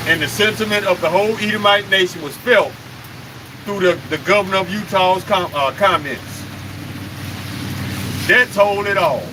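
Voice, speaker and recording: A man's voice: high voice, moderate pace, long pauses, background noise. A man preaching on a live stream, emphatic and confrontational, firing off rhetorical questions and cursing.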